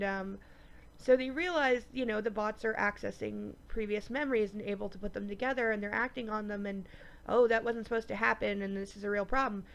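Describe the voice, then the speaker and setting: A woman with a stuffy nose giving a chatty, animated review of a TV episode, with lots of ums. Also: medium pitch. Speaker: TV show reviewer. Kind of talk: casual episode review vlog.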